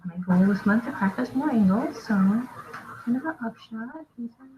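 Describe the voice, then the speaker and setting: A woman's voice: a little high, expressive, moderate pace, lo-fi sound, slight background noise. A young woman artist casually talking through her storyboard drawing, chatty and self-deprecating as she thinks aloud.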